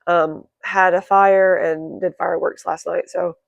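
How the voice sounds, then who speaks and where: A woman crochet vlogger chatting casually to her viewers, quick and self-correcting, her voice croaky today. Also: lowish voice, flat delivery, no echo, highs cut off. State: croaky, clearing throat. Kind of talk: casual chat to camera.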